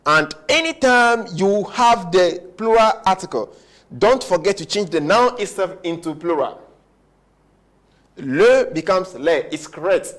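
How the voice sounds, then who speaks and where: A man with a fairly high voice teaches a French grammar lesson. He slows down to stress key words, repeats himself and keeps asking his students whether they follow. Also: lively intonation, fairly bright tone. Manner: repetitive, checks understanding often. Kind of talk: whiteboard language lesson.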